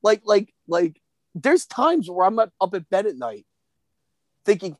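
A man in casual chat, heavy on fillers and repeated words, reacting with loud laughter. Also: high voice, sing-song, unhurried, dry recording.

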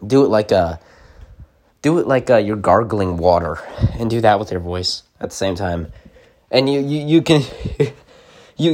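A man's voice: fairly low pitch, a little mellow. A young man rambling casually to camera, full of likes and restarts.

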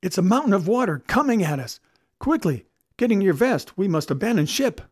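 A man's voice: on the high side, a little slow, close to an everyday voice. A man playing a skilled, confident sailor captaining a yacht, speaking in a raised, commanding voice. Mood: urgent.

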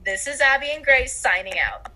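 Young woman co-host with a bright, slightly high voice, teasing and relaxed. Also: moderate pace, rough recording. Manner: teasing, laughing, self-deprecating. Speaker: podcast co-host. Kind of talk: casual chat.

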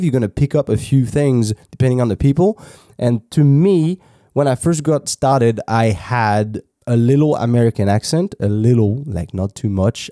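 A French man, a native French speaker, talks through an unplanned practice episode in a warm, mellow voice. He thinks out loud, circling back and restarting his sentences. The recording is dry and close, with no room sound. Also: medium pitch, no echo. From France. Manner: rambling, thinks aloud with frequent restarts and fillers. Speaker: host of an English practice podcast. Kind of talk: unscripted casual monologue.

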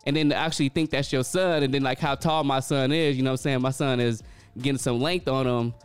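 A man's voice: mid-range voice, steady tone, fast, smooth, no echo. A man, telling a casual story in a loose, chatty way full of filler phrases.

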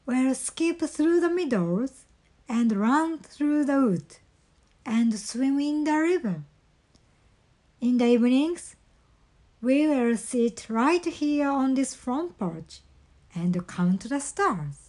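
Woman reading as a cheerful male frog, high and bright, slow storybook delivery, excited calling. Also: full character voice. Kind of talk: storybook read-aloud.

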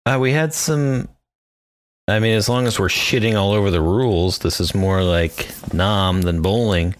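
Guy on a podcast, lowish voice, swears a lot, loose jokey chat. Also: normal speed. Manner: profane, jokey banter. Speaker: podcast co-host. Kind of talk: casual chat.

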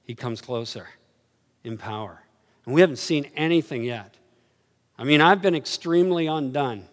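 Man, preacher, sermon, animated storytelling, slightly high voice, reverberant hall. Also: moderate pace. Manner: animated storytelling, swinging from low murmurs to excited highs.

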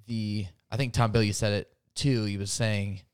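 Smooth-voiced man in rambling podcast chat. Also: fairly low pitch, steady tone, moderate pace, no echo, clean studio sound. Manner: rambling, filler-heavy, laughs while retelling stories. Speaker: podcast guest.

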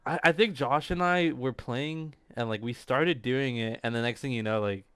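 A man's voice: mid-range voice, moderate pace, clear, resonant tone, no echo. Young male podcast co-host, laughs a lot, dry close mic. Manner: laughs often, animated storytelling. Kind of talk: casual chat.

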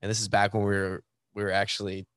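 A man, a guest musician, telling a bar story in casual podcast chat, animated and laughing often. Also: fairly low pitch, quick pace, clean tone, no room sound, clean studio sound.

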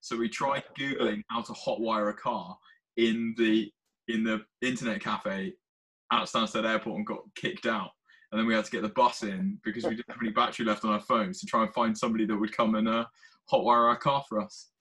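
A man co-hosting a podcast, telling stories in an animated way. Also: fairly low pitch, fairly quick, low-quality recording. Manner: animated storyteller. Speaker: podcast co-host. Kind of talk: casual chat.

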